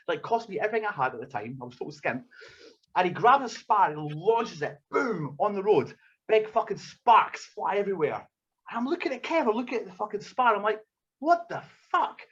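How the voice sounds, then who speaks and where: A high-voiced man, a wrestler guesting on a podcast, tells a foul-mouthed story, swearing often and animatedly acting it out. The recording sounds muffled, with slight background noise.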